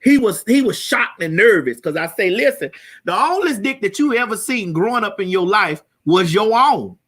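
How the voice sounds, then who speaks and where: A woman hosting a morning show, delivering a loud, profane comedic rant to her viewers and bursting into shouts. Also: medium pitch, expressive, moderate pace, slightly rough.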